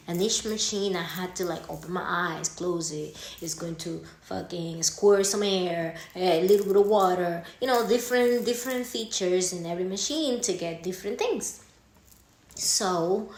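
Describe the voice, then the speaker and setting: Native Spanish-speaking woman, lower pitch, animated and profane casual storyteller, roomy echo. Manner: animated, swearing, acts out quoted voices. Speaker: vlogger telling a story. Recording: echoey room.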